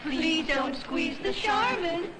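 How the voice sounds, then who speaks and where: A gushing shopper, high voice. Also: female voice, expressive, slow pace, heavily acted. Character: eager woman shopper who loves soft tissue. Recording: very noisy old commercial audio.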